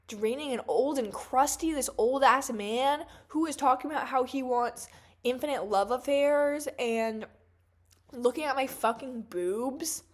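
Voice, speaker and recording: A woman in her twenties telling a story in a casual, profane rant, full of "like" and "um" fillers. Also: on the high side. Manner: chatty, profane, animated, lots of "like" fillers. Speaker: vlogger.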